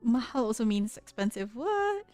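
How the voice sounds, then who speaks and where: A young woman with a Malaysian accent, chatting casually with her viewers on a livestream, curious and quick to laugh, often restarting her sentences. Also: on the high side, a little mellow, dry recording, soft background music. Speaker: streamer. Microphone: close studio mic.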